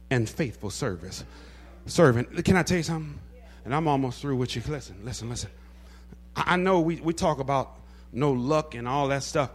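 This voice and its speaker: A man preaching a sermon who builds to shouted, half-sung cadences and drops back to quiet, gravelly asides. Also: fairly high pitch. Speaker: pastor.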